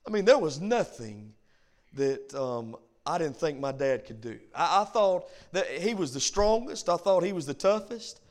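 A man preaching a Bible study as pastor, with a repetitive, rising cadence. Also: mid-range voice.

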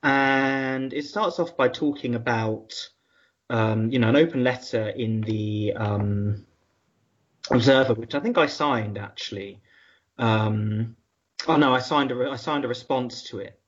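A husky-voiced man speaks as a podcast guest and recounts past events in a reflective, measured way. His voice sits at a mid pitch. The sound is dull and lo-fi. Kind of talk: conversational recollection.

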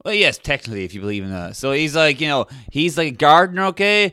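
A man's voice: on the high side, expressive, fast, pushed and bright, clean tone, no room sound, studio quality. A young man on a comedy podcast, rambling through a story with constant "like" and "okay?". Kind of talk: casual comedic chat.

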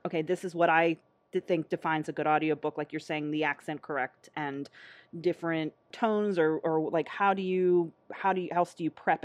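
A woman's voice: sits low, dry recording. A woman interviewing in a casual conversation, enthusiastic and gushing, laughing often as she talks.

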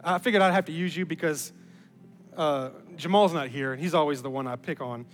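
A man preaching a sermon as pastor, animated and building to emphatic peaks. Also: on the high side, brisk. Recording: reverberant hall with music underneath.

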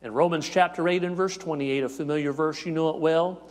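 A man preaching a sermon in rhythmic, repeating phrases, rising to shouts and dropping to hushed tones. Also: fairly even intonation, brisk. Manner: rhythmic repetition, swinging between shouted peaks and hushed lows. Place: church sanctuary. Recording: long reverb of a church hall.

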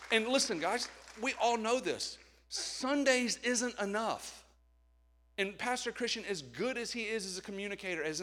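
A man's voice: high-pitched, a bit bright. A middle-aged man preaching a candid, conversational sermon with jokes along the way. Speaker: pastor.

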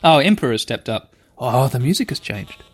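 A young man playing a video game, playfully and excitably narrating what happens and reading the text aloud. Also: medium pitch, moderate pace. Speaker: game player. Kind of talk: let's play commentary. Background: faint game music.

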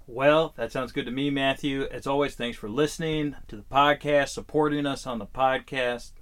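A man's voice: mid-range voice, steady tone, moderate pace, a bit bright. A man co-hosting a podcast, chatting and recounting stories in a casual way. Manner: chatty, storytelling. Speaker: podcast co-host.

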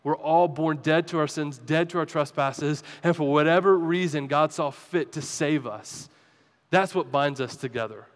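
A pastor preaches to his congregation in a church sanctuary, telling a personal story in a chatty, self-deprecating way. His male voice is a little high and his pace moderate. The recording has a big-room sound.

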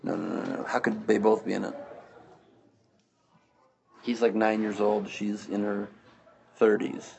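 A man's voice: on the low side, fairly even intonation, a little slow, vocal fry, long pauses, darkish tone, a little hiss or hum. A man hosting a casual comedy chat, telling stories with mock indignation.

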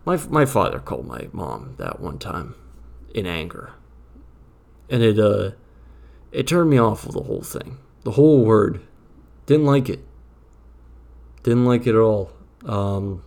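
Low gravelly man, nervous rambling barkeep monologue, keeps slipping into whispers. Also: animated, unhurried, long pauses. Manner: rambling, hushed and nervous, often dropping to a whisper. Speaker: storyteller playing a tavern keeper. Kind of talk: improvised comic monologue.

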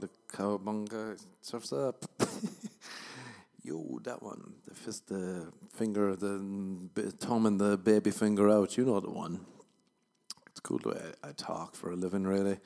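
Here a young Irish comedian rambles on his own podcast, profane and self-mocking, in a fairly low voice with vocal fry and a slightly mellow quality. His voice sounds worn out from overuse.

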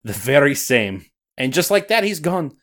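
A man's voice: a little high, very animated, moderate pace, fairly bright tone. Brief: man doing a Scottish lake monster storyteller for a comedy podcast bit, theatrical and lilting. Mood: dramatic storytelling. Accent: put-on Scottish. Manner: dramatic narrating, rolled-up storytelling. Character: Loch Ness monster, male storyteller, sly.

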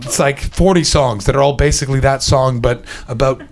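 A man's voice: medium pitch, vocal fry. A man doing stand-up comedy as host, bantering with the crowd and telling profane stories. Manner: loud, profane, rapid banter. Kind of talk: stand-up crowd work and storytelling. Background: audience laughter.

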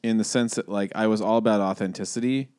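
Podcast co-host, male, thirties; rambling reflective chat, slightly low voice, dry close mic. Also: steady tone, quick pace, a little mellow, clean tone, no echo. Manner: reflective, rambling with many restarts and fillers. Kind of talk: casual conversational podcast.

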